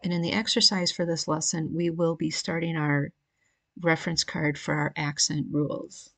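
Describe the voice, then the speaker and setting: A woman's voice: deep voice, flat delivery, normal speed, gravelly, fairly bright tone. A woman giving a recorded grammar lecture, explaining patiently and reading through the cases from a grammar book. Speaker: Greek grammar teacher. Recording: questionable home audio.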